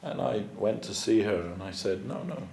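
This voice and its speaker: A man's voice: on the low side, fairly even intonation, moderate pace, vocal fry, a little mellow, slight background noise. Roomy-sounding male spiritual teacher. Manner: conversational, many fillers. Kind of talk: storytelling sermon. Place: temple hall.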